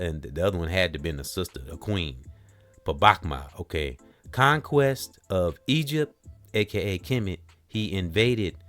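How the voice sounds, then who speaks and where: A man hosting a casual talk, reading notes aloud haltingly, spelling out names letter by letter and stumbling over words. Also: deep voice. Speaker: host.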